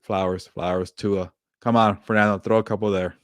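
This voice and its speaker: A man's voice: fairly low pitch, level tone, brisk, smooth, no room sound. A man co-hosting a podcast, chatting casually about football, laughing often and using lots of fillers and restarts. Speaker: podcast co-host. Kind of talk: casual sports chat.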